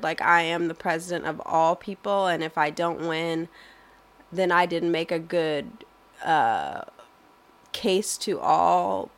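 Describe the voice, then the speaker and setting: Young woman thinking out loud in an interview, slightly low voice, lots of um and like. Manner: hesitant, many fillers and restarts. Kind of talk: thoughtful unscripted answers.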